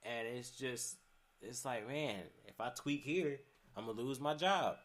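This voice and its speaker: A man's voice: medium pitch, unhurried. Laid-back, swearing podcast guest man. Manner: laid-back, profane, laughs often, many fillers. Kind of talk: casual podcast chat.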